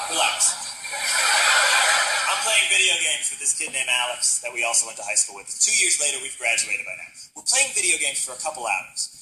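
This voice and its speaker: A male stand-up comedian, telling a story on stage with animated bursts and shouted punchlines. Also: mid-range voice, poor audio. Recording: live show with audience noise.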